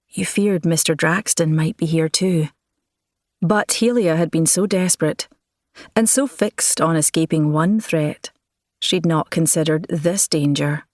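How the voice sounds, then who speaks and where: Recorded dry and close on a studio microphone, a woman reads a romance audiobook aloud. Her pitch is fairly low, and her storytelling is measured and expressive.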